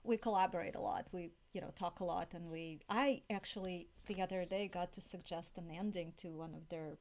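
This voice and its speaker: A woman's voice: on the low side, fairly even intonation, fairly quick, a little mellow. A woman in her thirties, a guest translator in a casual live-stream interview, chatty and self-deprecating. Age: 30s.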